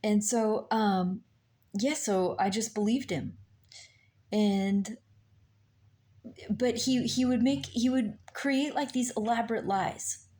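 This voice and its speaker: A woman slowly telling a painful personal story, halting with many pauses and fillers, recorded on a laptop mic. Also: on the high side, dark tone. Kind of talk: personal testimony, slow and halting. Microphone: laptop mic on her lap.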